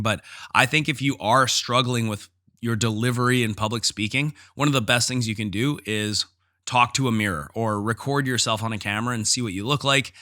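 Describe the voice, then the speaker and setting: A man's voice: medium pitch, bright, forceful tone. A man hosting a solo podcast, talking casually and candidly about teaching, with frequent fillers and restarts. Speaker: podcast host and jiu-jitsu instructor.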